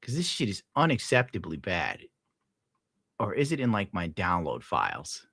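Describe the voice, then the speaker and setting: A man talks casually on a livestream, rambling and swearing as he reacts to chat. His voice is bright and forceful. The sound is dry and close, with no room echo. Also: low voice, huge pitch swings, moderate pace, breathy edge. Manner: profane, rambling, laughs often. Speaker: livestreamer reading chat messages.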